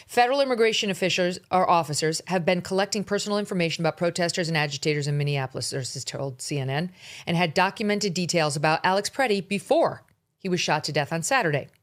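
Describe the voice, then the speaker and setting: A woman's voice: on the low side, quick pace. A middle-aged woman hosting her own talk show, delivering blunt, sarcastic political commentary. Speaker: host. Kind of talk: opinionated talk show monologue.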